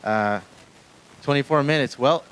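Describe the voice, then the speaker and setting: A man's voice: medium pitch, measured pace, fairly bright tone, clean tone, rough recording. A man doing a live stand-up set in a small club, rambling and self-deprecating, swearing often and chatting with the crowd. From Mexican-American family. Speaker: stand-up comedian. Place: small comedy club stage.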